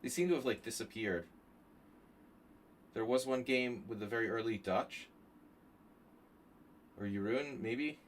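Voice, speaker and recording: A man's voice: mid-range voice, measured pace, pauses often, slight background noise. Man muttering chess moves aloud. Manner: thinks aloud, mutters moves, chats with viewers. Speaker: chess streamer. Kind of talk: live stream commentary while playing blitz chess.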